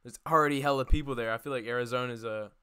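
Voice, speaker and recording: A man's voice: mid-range voice, rapid-fire, bright, forceful tone, clear, resonant tone. A man hosting a casual interview, talking in a laid-back, slangy way. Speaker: podcast host.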